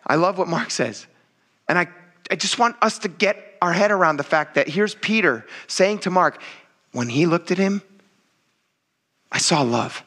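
Animated casual man preaching a sermon. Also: sits high, measured pace, pauses often. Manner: animated, acts out voices in quoted dialogue; casual, addresses congregation as "you guys". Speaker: pastor.

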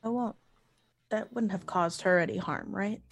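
A woman's voice: fairly low pitch, normal speed, vocal fry. A woman playing a tabletop game, earnest and a bit apologetic. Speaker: player.

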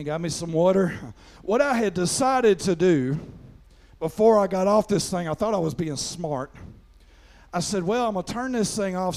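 A middle-aged man, preaching a sermon through a folksy personal story and peppering it with "amen". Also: high voice. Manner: folksy storytelling, frequent "amen" fillers, rising to loud preaching. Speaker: pastor.

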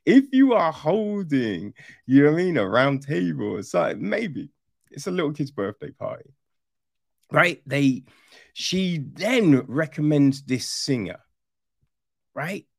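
A man rants his way through a casual review, sarcastic and openly incredulous, swearing as he goes. His voice sits a little high and swings widely in pitch, while the delivery stays slow and drawn out. The sound is close and dry, with no room around it. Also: big pitch swings, vocal fry, no echo. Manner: rambling with restarts and frequent "right?". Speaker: film reviewer.

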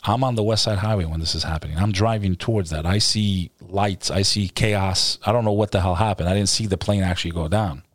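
A man's voice: deep voice, fairly quick, hardly any pauses, no room sound. A man hosting a casual interview, asking leading questions in a conversational way. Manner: conversational, leading questions, talks over guest. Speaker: podcast host.

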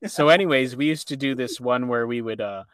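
A man telling a childhood story in a casual chat, animated and laughing, with many fillers. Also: medium pitch, brisk, dry recording, studio quality.

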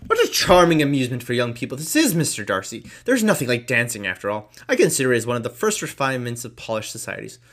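A jovial older gentleman, as a man reading aloud puts him on gushes with flattery and eager compliments. He speaks briskly at a plain middle pitch. It is lightly acted, close to the reader's own voice. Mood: effusive. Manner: effusive, flattering.

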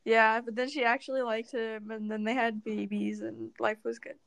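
A woman's voice: on the high side, flat delivery, moderate pace, a bit bright, a little hiss or hum. A teenage girl co-hosting a podcast, rambling in an upbeat, casual way. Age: teens. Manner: upbeat, rambling, easy laughter. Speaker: podcast co-host. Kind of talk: casual chat.

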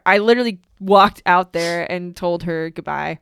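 A young man with a clear, smooth voice tells a story on a casual podcast. He speaks in a relaxed, easygoing way, and the sound is dry and close. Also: sits high, moderate pace, no echo. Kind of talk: casual chat.

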